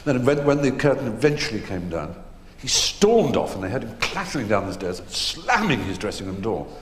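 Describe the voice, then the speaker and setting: A man telling theatre anecdotes on stage before a live audience, an unhurried raconteur who pauses with ums and restarts. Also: lowish voice, sing-song. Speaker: stage conversation guest. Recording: echoey hall with long reverb.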